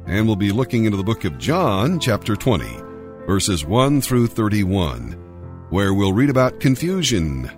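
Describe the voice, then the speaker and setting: Deep-voiced man reading scripture. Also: very animated, measured pace, faint music behind. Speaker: scripture reader.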